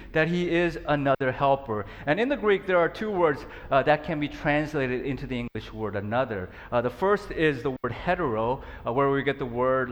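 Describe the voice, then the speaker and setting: A man's voice: a little high, long reverb tail. A man preaching an earnest, conversational sermon, with frequent fillers and restarts. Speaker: pastor.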